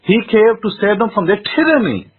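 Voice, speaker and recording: A man with a high, husky voice teaches scripture with emphatic repetition and frequent rhetorical questions. He sounds thin and tinny, like he is coming over a phone line. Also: very animated, fairly quick. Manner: emphatic, repeats phrases, asks rhetorical questions.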